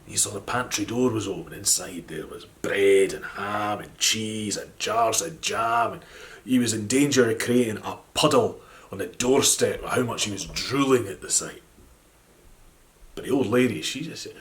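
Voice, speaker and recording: A man with a Scottish accent telling a folk tale in a gentle, animated storytelling manner. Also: on the low side, a little slow. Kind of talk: storytelling narration.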